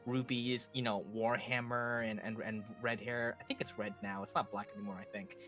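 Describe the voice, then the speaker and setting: A man narrating a tabletop game as game master in a casual, lively way. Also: fairly low pitch, faint music behind. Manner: casual, lively, quick to laugh.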